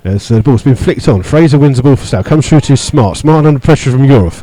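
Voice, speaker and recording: Guy doing live footy radio commentary from the stands, warm low-key voice, lots of uhs. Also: fast talker, no room sound, poor audio. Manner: steady play-by-play with many fillers, rising in pitch when indignant. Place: stadium stand among fans.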